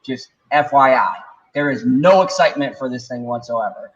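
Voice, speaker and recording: A man's voice: medium pitch, lively intonation, moderate pace. A man hosting a livestream in a casual ranting chat, blunt and rambling, swearing and laughing often. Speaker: livestream host. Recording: dull lo-fi mic.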